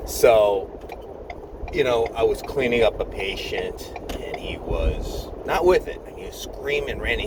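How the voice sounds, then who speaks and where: A man's voice: on the low side, noisy background. A nurse in his fifties tells a rambling work story, with many restarts and chuckles. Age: 50s. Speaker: nurse vlogger.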